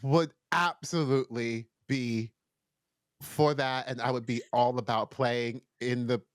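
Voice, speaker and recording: Here a young man co-hosting a podcast keeps the talk casual and playful, breaking into sing-song lines and put-on voices. His mid-range voice is steady, a little slow, clear and resonant, recorded clean in a studio with no room sound.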